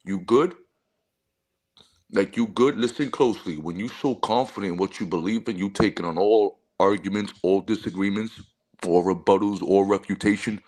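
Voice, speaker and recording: A man's voice: fairly low pitch, moderate pace, a little mellow. A man calling into a show, taunting and confrontational in a heated argument. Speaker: caller.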